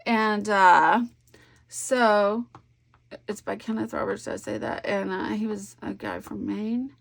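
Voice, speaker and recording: A woman talking casually to her viewers while she crafts, her mid-pitched voice carrying a gravelly, creaky texture. She rambles through stories in an easygoing, conversational way, slipping into soft asides to herself. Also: fairly even intonation, takes it slowly. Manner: chatty, warm storytelling with soft asides. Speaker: scrapbooking vlogger.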